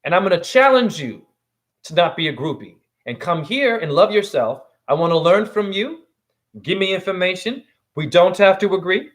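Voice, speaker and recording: Animated man ranting on a livestream. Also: sits high, moderate pace. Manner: profane, rambling, heated. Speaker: self-styled spiritual teacher. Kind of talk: livestream rant.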